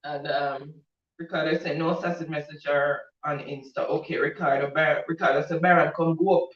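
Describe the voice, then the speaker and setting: A man's voice: a little high, steady tone, moderate pace, fairly bright tone. A man co-hosting a casual live show, reading viewer comments aloud and laughing often. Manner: laughing often, reads comments with a Caribbean lilt. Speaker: co-host reading live chat. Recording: echoey, distant, dull audio.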